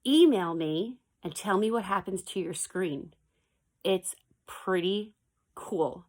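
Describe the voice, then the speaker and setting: A woman's voice: mid-range voice, animated, slow pace, darkish tone. A woman teacher talking casually to her pupils from her home basement, chatty and digressive, reading a picture book aloud with playful animal sound effects. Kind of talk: casual video message and read-aloud for pupils.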